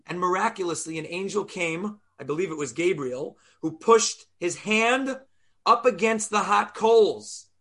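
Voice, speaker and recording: A man with a fairly high voice teaches a Torah lesson. He is animated, keeps asking his listeners rhetorical questions, and sounds out Hebrew letters aloud to show how they are made. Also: measured pace.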